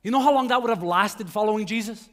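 A high-pitched man preaches to his church, chatty and informal, slipping into the voices of the people he quotes. His voice rings out with the long reverb of a big hall. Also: fast talker, fairly bright tone. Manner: conversational, acts out quoted voices. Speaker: pastor. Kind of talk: sermon. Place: church sanctuary.

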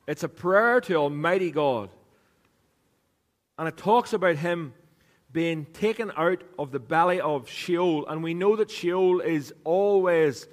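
A pastor's slightly high male voice carries through a microphone during a sermon. He keeps things conversational and humorous, teasing his congregation, and the church hall adds a lingering reverb.

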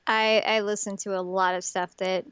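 A woman's voice: medium pitch, flat delivery, normal speed, a bit bright, smooth, no echo, highs cut off. A young woman co-hosting a podcast, chatting casually with many fillers and restarts. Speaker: podcast co-host. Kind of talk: casual chat.

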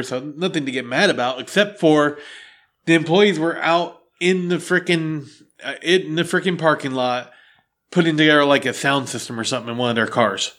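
A man's voice: on the high side, a bit bright. A man telling a story in an easygoing casual chat. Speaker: podcast co-host.

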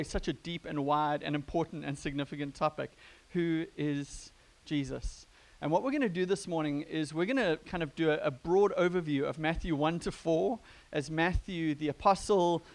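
A pastor giving a sermon in a relaxed, conversational way, joking with his congregation. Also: a little high. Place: church gathering.

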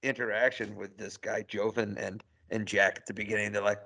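A man in casual podcast chat who trades wry asides and old film references. His voice sits low and carries a gravelly fry. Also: little pitch movement, a little fast, hardly any pauses, sharp tone. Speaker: podcast co-host.

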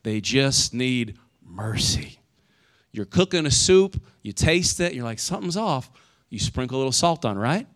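A man's voice: medium pitch, measured pace. A man in his forties preaching a sermon, telling stories with animation and asking "right?" again and again. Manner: animated storytelling, asks "right?" often. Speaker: pastor.

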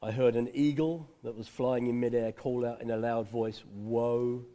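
A man's voice: mid-range voice, steady tone, moderate pace, mellow. Chatty preacher man. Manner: conversational, repeats words for emphasis, chuckles often. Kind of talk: informal sermon.

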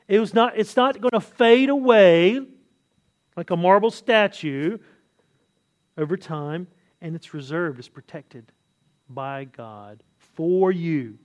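A man preaching an expository sermon in a conversational way, asking rhetorical questions and often restarting his sentences. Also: high-pitched.

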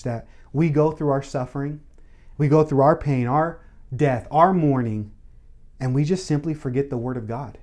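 A man preaching a sermon, earnest and steady, asking the listeners questions and rising to emphatic bursts. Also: medium pitch. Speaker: pastor.

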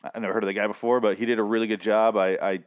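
A man with a rather low voice recapping a TV season in a loose, rambling way. He swears freely and keeps cracking jokes and going off on tangents. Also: level tone, very fast, muffled recording. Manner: rambling, profane, wisecracking. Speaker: TV show reviewer. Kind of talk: casual recap vlog.

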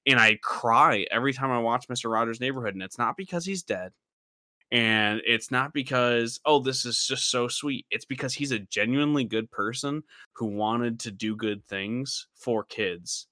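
A man's voice: medium pitch, moderate pace, sharp tone, no room sound, studio quality. A young man hosting a casual podcast chat, rambling with many fillers and frequent laughs. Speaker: podcast host.

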